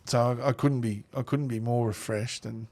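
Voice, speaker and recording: Gravelly Australian man telling yarns. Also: mid-range voice, fairly even intonation, normal speed, darkish tone, no echo. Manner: blokey storytelling, laughs often. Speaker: country football coach, podcast guest. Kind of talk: casual chat.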